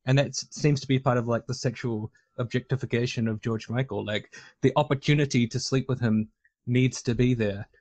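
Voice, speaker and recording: A man's voice: mid-range voice, fairly even intonation, fairly quick, a little mellow. A man talking casually on a discussion panel, rambling with lots of fillers and restarts.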